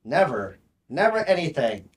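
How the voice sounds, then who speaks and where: A man's voice: on the high side, very animated, unhurried. A young man co-hosting a podcast, telling rambling stories in casual chat and laughing mid-sentence. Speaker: podcast co-host.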